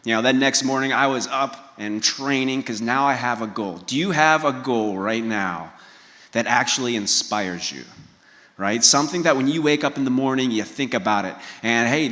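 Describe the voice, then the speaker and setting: A man's voice: mid-range voice, fairly bright tone, long reverb tail. A man giving a motivational keynote, telling a personal story and asking the audience direct questions. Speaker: keynote speaker. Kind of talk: motivational talk.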